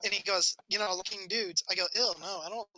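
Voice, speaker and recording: Bright-voiced man rambling through a story. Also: high-pitched, fairly even intonation, a little fast, low-quality recording. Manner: rambling, swears a lot, acts out quotes. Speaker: podcast co-host. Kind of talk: casual storytelling chat.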